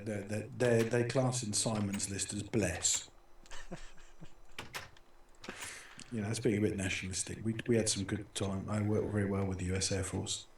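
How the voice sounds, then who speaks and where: A man's voice: fairly low pitch, level tone, moderate pace, pauses often, heavy reverb, recorded from a distance, a little hiss or hum. A middle-aged British man hosting a casual talk show, telling stories in a rambling way with many restarts and fillers. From Britain. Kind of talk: casual chat.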